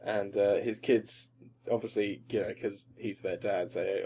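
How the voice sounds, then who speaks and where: A man co-hosting a casual comedy podcast, grumbling animatedly and jumping into loud mock voices. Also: fairly low pitch, steady tone, measured pace, a little hiss or hum. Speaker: podcast co-host. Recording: dull lo-fi podcast audio.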